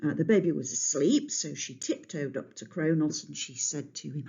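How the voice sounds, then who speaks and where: Woman storyteller, chatty, explains as she goes, husky, dull recording. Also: deep voice, lively intonation, moderate pace, few pauses, warm tone. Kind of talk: storytelling to children.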